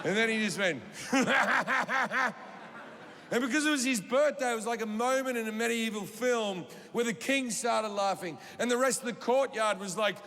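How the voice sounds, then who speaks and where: Aussie guy doing stand-up, high gravelly voice, sweary rambling story, long echo in a big venue. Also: brisk, fairly bright tone. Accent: Australian. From Australia. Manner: profane, rambling anecdotes with acted-out quotes. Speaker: stand-up comedian. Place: comedy stage before a live audience. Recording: reverberant live venue with audience noise.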